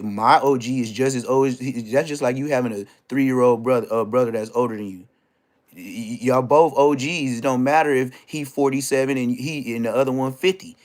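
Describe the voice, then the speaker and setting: A middle-aged man with a medium-pitched voice rants animatedly about street drama, telling the story casually and leaning on slang and repeated phrases.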